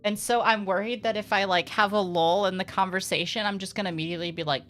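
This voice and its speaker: Bright-voiced woman streamer, sarcastic rambling. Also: mid-range voice, steady tone, fast. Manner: candid, sarcastic, swears freely, rambling with many fillers. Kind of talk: casual live-stream chat. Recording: faint music behind.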